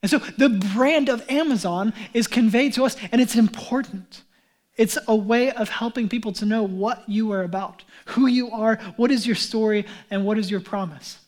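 A male pastor giving a conversational sermon, talking in a relaxed, chatty way with frequent fillers and restarts, and calling his listeners beloved. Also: high voice, moderate pace. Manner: addresses the congregation as beloved.

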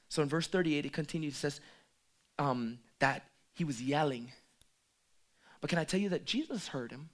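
A man preaching a sermon, swinging from hushed asides to loud, emphatic calls. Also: fairly high pitch, moderate pace, long pauses.

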